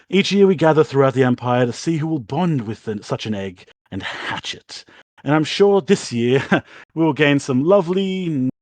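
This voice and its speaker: A man's voice: mid-range voice, darkish tone, dry recording. Rambling man narrating a tabletop game. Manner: rambling, filler-heavy, laughs often. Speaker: game master.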